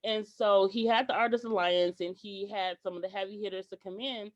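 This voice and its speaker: A woman guest on a podcast tells her stories with real animation and acts out the dialogue of the people in them. Her pitch sits in an ordinary middle range, and she stops and restarts her sentences now and then. The recording sounds dull and lo-fi. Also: fairly even intonation, brisk. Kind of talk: podcast interview storytelling.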